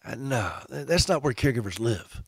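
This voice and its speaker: A man's voice: mid-range voice, expressive, a little fast, gravelly, breathy edge, no echo. A man hosts a radio program for caregivers. He speaks earnestly and casually, restarting his sentences now and then. His voice sits in a middle range and is recorded dry and close in the studio. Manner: earnest, conversational, with frequent restarts. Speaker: radio show host.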